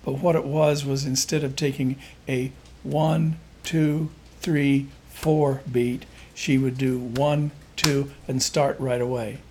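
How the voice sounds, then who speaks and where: A man in an interview, explaining folk music in a halting, rambling way and often restarting his sentences. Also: medium pitch, level tone, darkish tone, slight background noise. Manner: halting, rambling, searches for words with many restarts.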